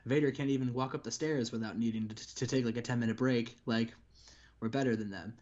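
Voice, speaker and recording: A man's voice: medium pitch, steady tone, a little fast, darkish tone, muffled recording. A man co-hosting a game stream, recapping matches in a rambling way with many restarts. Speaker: co-host. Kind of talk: casual game recap chat.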